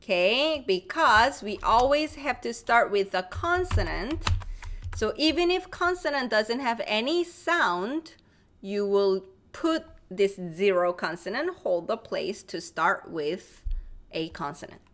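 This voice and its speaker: A woman's voice: medium pitch, lively intonation, slow pace, a bit bright, a little hiss or hum. Korean-accented woman teaching a live class. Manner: reads viewer comments aloud and answers them, drills sounds by repeating them. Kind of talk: live-streamed language lesson.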